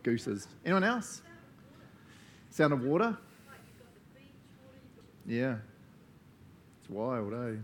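A man with a New Zealand accent leads a casual church session, asking the group questions and then praying. He sounds relaxed and chatty and ends many sentences with "eh?". His pitch sits in an ordinary middle range for a man. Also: drawn-out words, long pauses, slight background noise. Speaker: church leader. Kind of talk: casual sermon with group discussion. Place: church gathering.

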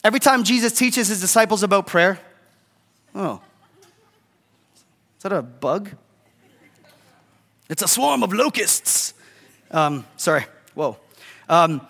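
High-voiced pastor preaching in a hall. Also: male voice, sharp tone. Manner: conversational, keeps asking "right?". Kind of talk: sermon.

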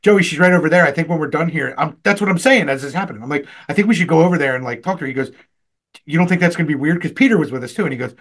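A fairly high-voiced man rambling through convention stories on a podcast, cursing freely. His voice jumps way up when he acts out what he said. Casual, loose chat. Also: rapid-fire. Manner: animated, swearing, loud jumps when quoting himself. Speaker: podcast co-host.

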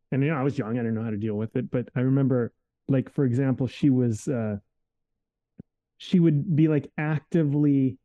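A man's voice: medium pitch, phone-quality sound. A man telling a personal story in a casual, reflective way, candid and full of fillers and restarts.

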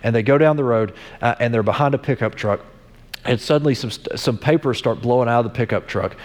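A man of average pitch delivers a sermon in a relaxed, conversational way, telling stories and often restarting his sentences. His voice rings out through a church hall with long reverb. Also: brisk. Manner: conversational storytelling with frequent restarts. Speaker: pastor.

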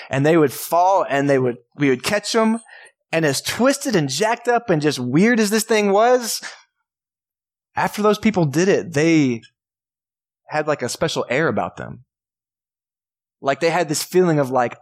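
A man's voice: a little high, lively intonation, a little slow. A man as pastor giving a sermon in a church, talking in a casual, conversational way and asking the congregation questions.

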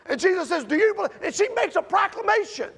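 A preacher delivers a fast, sing-song sermon in an unusually high, gravelly voice that leaps and falls throughout. He fires rhetorical questions at the congregation, his loudness rising and dropping sharply.

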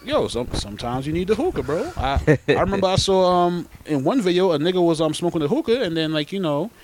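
A man's voice: high voice, big pitch swings, quick pace, a little mellow, a little hiss or hum. A man co-hosting a casual podcast chat, bantering in a joking, emphatic way. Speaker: podcast co-host.

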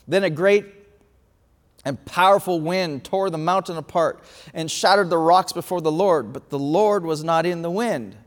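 A man preaching a sermon, telling a story with lively acted-out quotes. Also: fairly high pitch, moderate pace. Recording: reverberant hall.

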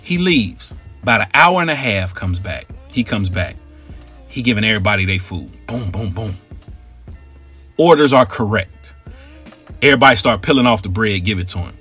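A man telling a comic story in an animated way, acting out each character in it. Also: lowish voice, moderate pace, pauses often, slightly rough, faint music behind. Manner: animated, acts out every character in his story.

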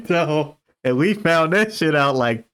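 Animated, profane young man telling a story. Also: fairly high pitch, takes it slowly, smooth. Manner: animated, profane, laughs often, acts out quoted voices. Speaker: podcast co-host. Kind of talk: casual storytelling chat.

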